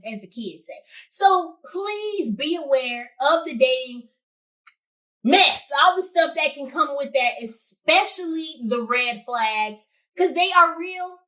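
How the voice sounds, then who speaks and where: Young adult woman, high-pitched, sassy, animated, casual advice talk, host. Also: measured pace, far from the mic. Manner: sassy, animated, addresses listeners directly.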